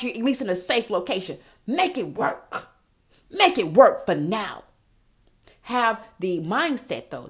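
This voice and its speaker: Woman podcast host, middle-aged, aave, hypes you up loud and blunt, voice sits kinda high. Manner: animated, profane, repetitive pep talk. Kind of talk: motivational talk.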